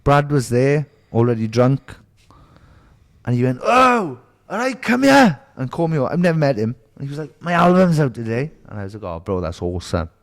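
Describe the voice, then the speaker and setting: A man's voice: medium pitch, animated, a little fast, darkish tone. A middle-aged man with a Welsh accent from Merthyr Tydfil, a podcast guest telling stories in casual chat, swearing freely and acting out the voices of people he quotes. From Wales.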